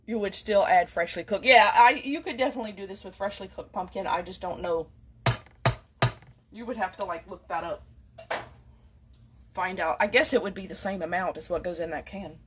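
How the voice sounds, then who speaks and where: Baking at home on camera, this woman talks at a normal speed but stops often, against a noisy background. Her casual cooking video is full of rambling chatter, and she speaks to her cats in a high, playful voice.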